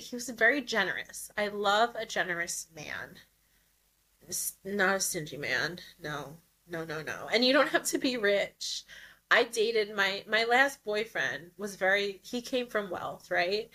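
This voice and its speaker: A woman's voice: medium pitch, sharp tone. A young woman hosting a podcast, talking candidly in a blunt, profane, emphatic way and laughing often. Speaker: podcast host. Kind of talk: candid casual monologue.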